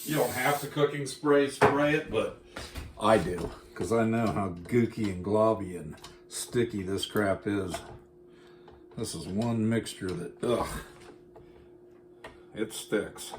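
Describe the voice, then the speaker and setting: A man's voice: fairly low pitch, slow, pauses often, reverberant, a little hiss or hum. A man demonstrating a recipe in a casual cooking vlog, folksy and joking as he talks straight to his viewers. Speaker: home cooking vlogger. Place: home kitchen.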